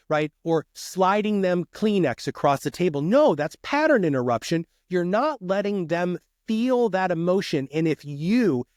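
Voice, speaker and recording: A man who is a guest on a podcast, talking in an energetic and emphatic way and often calling the host dude. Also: sits high, moderate pace, hardly any pauses, no room sound, clean studio sound. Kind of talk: casual podcast conversation.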